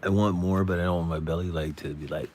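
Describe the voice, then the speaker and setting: A man's voice: sits low, steady tone, fast talker, darkish tone, a little hiss or hum. A man hosting a live stream, telling a rambling story in slangy casual talk, sounding tired. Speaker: livestream host.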